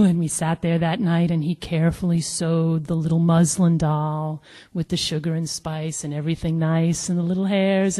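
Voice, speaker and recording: A woman telling a personal story live at a storytelling event, animated and acting out the dialogue. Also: lowish voice. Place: museum event hall. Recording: long hall reverb at live event.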